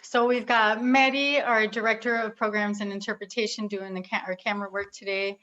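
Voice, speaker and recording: A woman's voice: mid-range voice, level tone, brisk, a bit bright, lo-fi sound. Woman moderating an online lecture. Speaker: event moderator.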